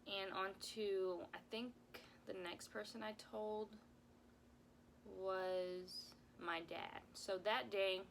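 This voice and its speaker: Young woman, twenties, vlog storytelling, gravelly fry in her voice, rambling, heartfelt. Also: mid-range voice, steady tone, takes it slowly, a little hiss or hum. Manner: rambling and heartfelt, full of "like"s, close to tears at times. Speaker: mom vlogger. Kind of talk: casual story time vlog.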